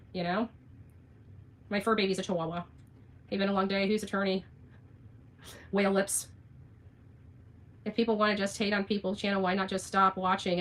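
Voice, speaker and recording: Fast, sharp-tongued ranting woman. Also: medium pitch. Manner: blunt, profane, sarcastic ranting. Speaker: vlogger. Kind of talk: ranting livestream vlog.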